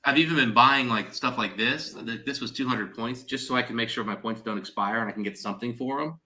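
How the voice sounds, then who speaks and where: A man's voice: medium pitch, brisk, sharp tone. A man chatting casually on a live stream as its host, rambling and restarting his sentences. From Ohio, USA.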